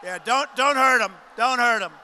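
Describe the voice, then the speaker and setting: A man giving a loud, emphatic rally speech to a big crowd, repeating short phrases. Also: normal speed, slight background noise. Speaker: political candidate at a rally. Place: large arena rally. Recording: booming reverb of a big arena.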